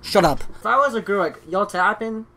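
A man's voice: high-pitched, a little fast, vocal fry, pushed and bright. Brash, crude-talking man trolling strangers. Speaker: video chat prankster host. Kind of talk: casual video chat.

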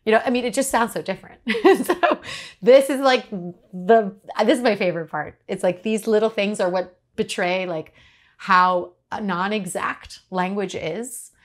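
A woman from Uruguay, a podcast host speaking lively on a panel and quick to laugh. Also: mid-range voice. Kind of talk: panel discussion.

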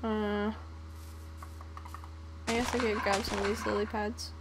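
A woman's voice: medium pitch, flat delivery, measured pace, heavy background noise. A young woman giving casual, playful gameplay commentary, often singing and humming to herself. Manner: playful, sings and hums to herself. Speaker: gaming channel host.

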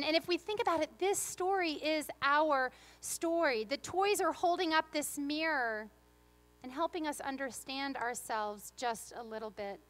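Lady pastor w a high voice, preaching in church, goes from serious and thoughtful to jokey stories. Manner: expressive storyteller, shifts between earnest reflection and playful humor. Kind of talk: sermon. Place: church sanctuary.

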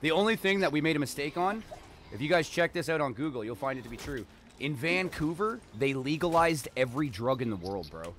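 Canadian streamer, loose and profane, lively pitch, noisy game audio behind. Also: male voice, a little fast. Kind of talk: casual gaming chat with strangers.

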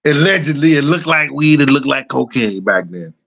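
A man's voice: fairly high pitch, animated, moderate pace, gravelly, fairly bright tone, dull audio. A middle-aged man hosting a show, telling casual anecdotes in a loose, repetitive, chuckling way. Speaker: host. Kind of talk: casual storytelling.

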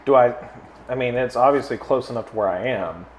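A man's voice: mid-range voice, fairly quick. Man playing a tabletop game. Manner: playful, describes his character's actions. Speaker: player. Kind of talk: casual tabletop play. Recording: echoey room, faint noise.

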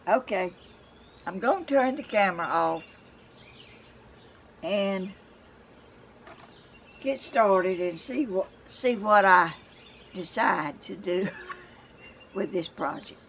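A woman's voice: mid-range voice, expressive, takes it slowly, long pauses, fairly bright tone, slight background noise. An older woman with a Southern accent, chatting to camera in a rambling, homey way as a crafts vlogger, often restarting her sentences, outdoors at home. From Georgia, US. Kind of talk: casual chat to camera.

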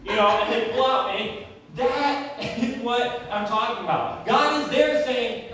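A young man preaching a sermon in a church, telling stories in a conversational, animated way. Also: very high voice, unhurried, slight background noise. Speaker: pastor. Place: church sanctuary. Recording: very echoey, from far off.

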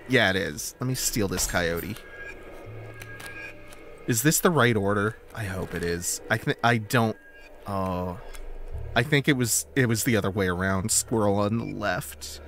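Unhurried man streaming a game. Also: lowish voice, lively intonation, fairly bright tone, soft background music. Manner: thinks aloud, swears and laughs easily. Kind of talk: casual let's-play commentary.

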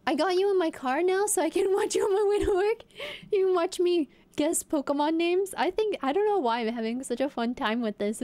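Chatting playfully with her viewers, a young woman streamer guesses out loud during a casual live stream. Her voice is high with a slightly mellow quality.

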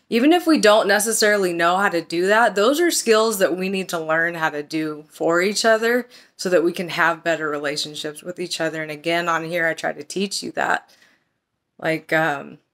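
Woman chatting in a fairly low voice. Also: normal speed, a bit bright. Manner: chatty, storytelling, acts out quoted texts with lifted voice. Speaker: relationship and self-love coach. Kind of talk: casual talk to camera.

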